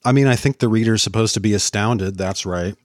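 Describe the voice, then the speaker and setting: Deep-voiced man rebutting in a debate. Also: fast talker, no room sound, studio quality. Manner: dismissive, confident rebuttals. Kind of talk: formal debate answer.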